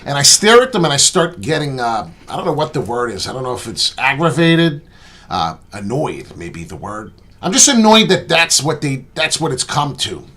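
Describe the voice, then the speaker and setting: Husky, earnest man rambling on a vlog. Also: mid-range voice, sing-song, moderate pace, pushed and bright. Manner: earnest, rambling and candid, with frequent "uh" and "right?"; profane, blunt talk. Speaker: crypto channel host. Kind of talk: off-the-cuff vlog monologue.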